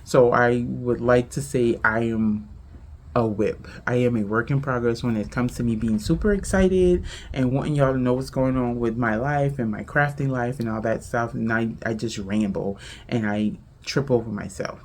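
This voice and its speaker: A woman from Charleston, South Carolina with a Geechee accent, hosting a casual podcast, talking fast and tripping over her words. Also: very deep voice, darkish tone, slight background noise. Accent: Gullah Geechee, Charleston, South Carolina. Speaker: podcast host. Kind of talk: casual family podcast chat.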